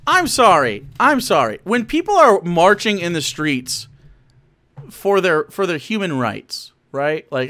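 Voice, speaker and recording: Man, live stream commentary, profane rants, high voice, bright tone. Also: moderate pace. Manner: animated, profane, interrupting rants. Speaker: streamer reacting to political clips.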